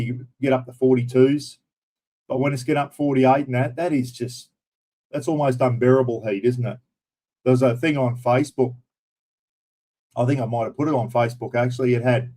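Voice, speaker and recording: A man's voice: mid-range voice, a little mellow. A man with an Australian accent hosting a casual live stream, chatting bluntly with viewers and swearing a little. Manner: blunt and chatty, mild swearing, addresses viewers as everyone and mate.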